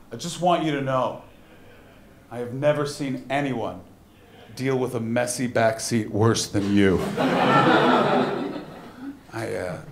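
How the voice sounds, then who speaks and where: Man doing stand-up in a roomy venue. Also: medium pitch. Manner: swings from quiet somber storytelling to loud punchlines. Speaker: stand-up comedian. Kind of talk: stand-up set. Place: live comedy venue at a festival. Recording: roomy live venue with audience noise.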